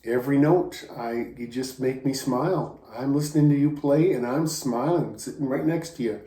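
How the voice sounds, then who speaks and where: A man, a guest steel guitar player, giving a slow, tender spoken tribute to a friend that moves him to emotion. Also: medium pitch, dark tone, roomy sound.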